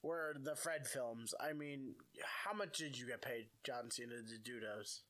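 A man's voice: medium pitch, measured pace, sharp tone. A young man co-hosting a podcast, telling stories in casual chat with lots of fillers. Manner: chatty storytelling, many fillers. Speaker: podcast co-host.

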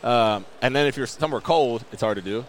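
A man guest on a radio show, chatting casually and upbeat while pitching a product. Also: a little fast, slight background noise. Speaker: guest football player. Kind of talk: casual interview chat. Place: outdoor radio row booth.

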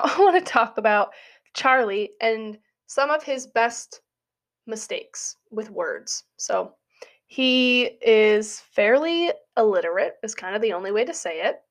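A young adult woman, a college student, talking through a casual spoken essay in a chatty, giggly way full of "like" fillers. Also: a little high. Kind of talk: casual monologue.

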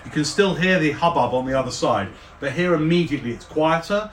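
A man narrating as game master, describing the scene at length with frequent fillers and pauses. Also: a little high, lively intonation, a little hiss or hum. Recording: roomy, distant mic.

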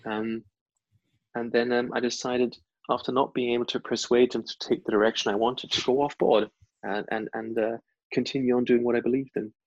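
A man with a German accent telling stories in an interview, animated, acting out what others said, with stammered restarts. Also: mid-range voice, a little fast, no room sound. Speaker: interview guest, event host. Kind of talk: casual storytelling interview. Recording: slightly dull lo-fi audio.

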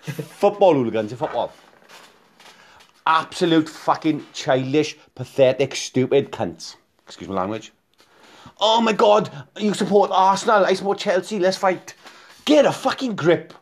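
A man's voice: fairly high pitch, sing-song, a little slow. A Welsh man hosting a casual podcast, laughing often, swearing freely and ranting among friends. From Wales. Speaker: podcast host.

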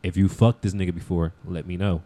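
Deep, mellow-voiced man in casual chat. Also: level tone, fairly quick. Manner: laid-back, heavy use of "like". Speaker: podcast guest.

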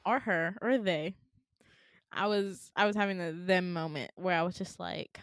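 A woman's voice: mid-range voice, normal speed, no echo. A woman on a podcast recounts a dream in a loose, chatty way. She throws herself into the quoted lines, swearing and laughing as she goes. Her voice sits dry and close to the mic. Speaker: podcast co-host telling a dream. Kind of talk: casual storytelling chat.

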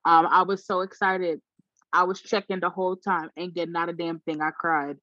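A woman's voice: on the low side, level tone, moderate pace, sharp tone, no echo, highs cut off. A woman venting bluntly in casual chat, exasperated and swearing freely.

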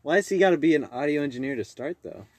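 A man's voice: on the high side, expressive, quick pace, slightly rough, no echo. Joking young man, dry close sound. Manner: joking, stammering restarts. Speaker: co-host. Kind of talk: casual chat.

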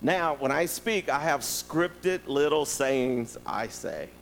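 A man preaching a sermon, telling stories and talking directly to the congregation in a lively, conversational way. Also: a little high, slow pace, in a large hall, slight background noise, poor audio. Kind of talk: sermon with storytelling.

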